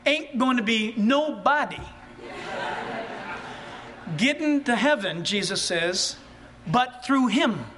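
Pastor preaching, really high bright voice, gets loud and fired up, bit of room hum behind. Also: male voice, takes it slowly, long pauses. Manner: animated, rhetorical questions, rising to near shouts. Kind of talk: sermon.

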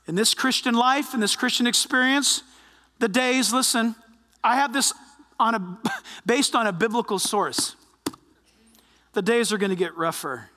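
A man preaching a sermon, animated, often acting out the voices of those he quotes. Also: very high voice, a little slow, long pauses, big-room sound. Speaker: pastor.

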